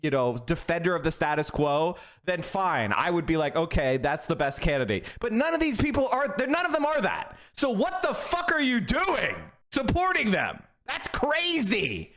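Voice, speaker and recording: Male streamer, high and lively voice, profane heated rant, swings from yelling to muttering. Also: moderate pace, few pauses. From Pennsylvania. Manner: reads news passages aloud and reacts. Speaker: political streamer. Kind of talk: ranting livestream commentary.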